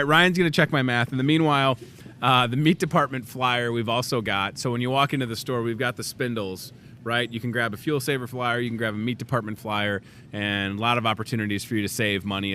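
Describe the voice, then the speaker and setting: On a grocery store set, a man in his thirties hosts a live in-store talk show, mid-range in voice, with slight background noise in the recording. He jokes animatedly and keeps rambling into asides.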